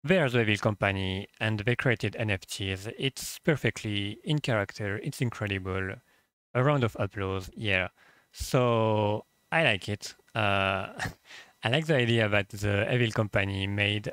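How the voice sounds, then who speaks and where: Low-voiced French-accented young man. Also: fairly bright tone, no room sound. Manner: hesitant, many "uh" fillers, blunt and profane. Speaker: channel host, translator. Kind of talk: casual commentary video. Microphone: cheap microphone.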